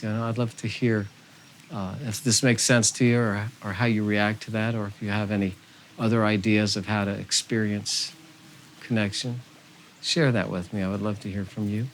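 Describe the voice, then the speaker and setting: Gentle, unhurried man speaking softly. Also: fairly low pitch, a little hiss or hum. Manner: soft, unhurried, with gentle laughs and fillers. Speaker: spiritual vlogger. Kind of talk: gentle spiritual talk to camera.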